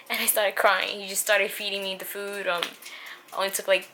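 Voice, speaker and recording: A young woman vlogging about her anxiety, halting and emotional, with many fillers and pauses. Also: medium pitch, little pitch movement. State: anxious and upset. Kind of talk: personal vlog confession. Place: outdoors on a city street. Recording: loud street and traffic noise.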